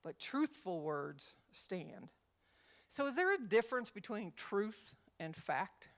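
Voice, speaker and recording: A woman's voice: mid-range voice, sing-song, slow. A woman minister teaches a Bible study in a chatty, conversational way. She is a former schoolteacher, and she acts out example phrases in different tones of voice.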